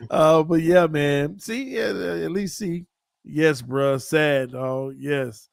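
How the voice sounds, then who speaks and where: A man's voice: fairly high pitch, animated, a little slow, gravelly, no echo, clean studio sound. A man co-hosting a podcast, chatting casually about football in a laid-back, rambling way, often trailing off with "man". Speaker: podcast co-host. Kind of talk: casual sports chat.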